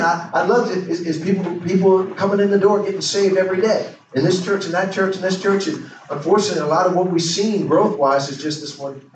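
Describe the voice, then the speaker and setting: A man's voice: on the high side, slight background noise. A man preaching a sermon as pastor, questioning the congregation and drawing answers back in call-and-response. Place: church sanctuary. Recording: roomy echo, distant mic, faint ambience.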